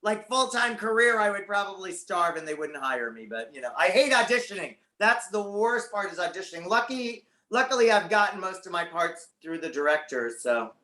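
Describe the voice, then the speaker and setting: A man's voice: sits high, very animated, moderate pace, few pauses, sharp tone, roomy sound. A man as a guest on a talk show, chatting casually and animatedly about his career. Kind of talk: casual interview chat.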